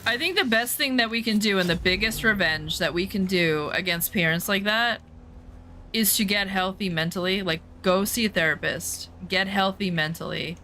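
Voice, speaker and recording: A woman's voice: mid-range voice, moderate pace, bright, forceful tone, a little hiss or hum. A woman streamer talking candidly in casual chat while playing a game, rambling with lots of fillers.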